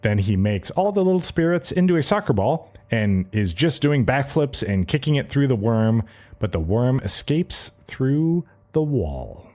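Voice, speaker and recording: Man, podcast co-host, lively swearing recap, very expressive intonation. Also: medium pitch, a little slow. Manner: animated storytelling, swearing. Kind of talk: casual episode recap.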